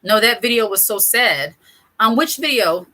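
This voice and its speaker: A woman's voice: a little high, animated, moderate pace, bright, forceful tone, rough recording. A middle-aged woman hosting her own channel, giving casual advice straight to camera in a chatty, digressive way with frequent laughs. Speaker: channel host.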